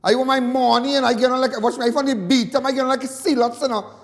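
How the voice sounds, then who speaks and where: A man's voice: very high voice, steady tone, fast, in a large hall. A Trinidadian man calling in to a talk show, ranting with passion and repeating his points indignantly. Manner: impassioned, repetitive, indignant. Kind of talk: call-in talk radio rant.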